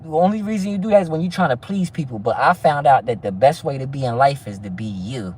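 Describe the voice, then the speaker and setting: A man's voice: mid-range voice, expressive, quick pace, darkish tone, slight background noise. A man hosting a livestream, rambling to his viewers about faith and keeping it real, full of street slang, profanity and stumbling restarts. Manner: stumbling restarts, frequent "you feel me". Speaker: livestream host. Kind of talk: casual livestream chat with viewers.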